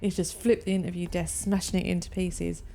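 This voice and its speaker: A woman streamer guides a murder mystery game in brisk, casual narration. Her voice is low, mellow and gravelly. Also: flat delivery, faint music behind. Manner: brisk, organizing, laughs often.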